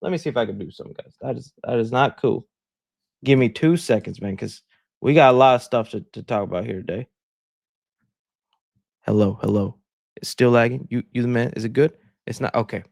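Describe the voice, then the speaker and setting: A man hosting a livestream, talking in a rambling, joking, animated way at his desk mic. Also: mid-range voice, brisk, gravelly, pauses often, no echo, clean studio sound. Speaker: livestream host. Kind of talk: casual livestream chat.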